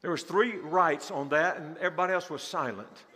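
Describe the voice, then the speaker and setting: A man's voice: a little high, a little fast, sharp tone. A male pastor preaching a sermon to a congregation, asking rhetorical questions and repeating key phrases. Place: large church hall. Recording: long hall reverb.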